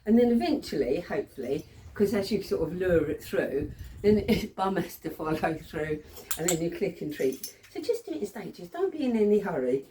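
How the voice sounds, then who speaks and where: A chatty woman explains dog training in a casual lesson, laughing often and checking in with "okay". Her voice is low and mellow but moves lively up and down. It sounds roomy and a little distant, picked up by a camera mic across an echoey room. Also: moderate pace, a little hiss or hum.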